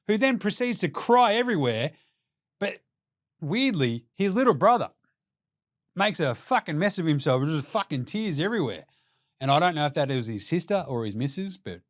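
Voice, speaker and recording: A man's voice: on the high side, a bit bright, dry recording, clean studio sound. A young Australian man gives brash, profane and jokey casual commentary as a basketball show host.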